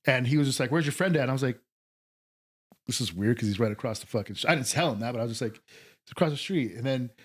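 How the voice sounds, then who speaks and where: A man's voice: mid-range voice, fast talker, breathy edge. Laid-back man telling profane stories. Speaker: podcast guest. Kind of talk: casual storytelling.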